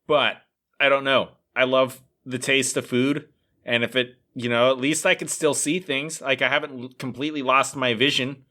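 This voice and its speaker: A man's voice: mid-range voice, flat delivery, moderate pace, pushed and bright. A man co-hosting a casual podcast, telling a rambling story with lots of filler words. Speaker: podcast co-host. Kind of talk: casual chat.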